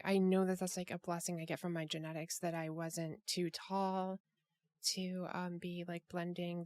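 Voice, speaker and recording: A woman's voice: fairly low pitch, no echo. Rambling woman host on a dry mic. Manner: rambling, many restarts and fillers. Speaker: podcast host. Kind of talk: casual group chat.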